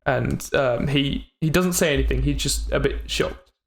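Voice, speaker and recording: A man narrating a tabletop game as game master, halting and quick to laugh. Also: mid-range voice, creaky, reverberant. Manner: halting, laughs often, uses fillers.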